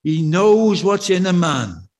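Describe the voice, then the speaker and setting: A man preaches in a church with a slightly high voice, chatty and anecdotal. He keeps turning to his listeners with rhetorical questions. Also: very animated, slow, a little mellow. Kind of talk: sermon.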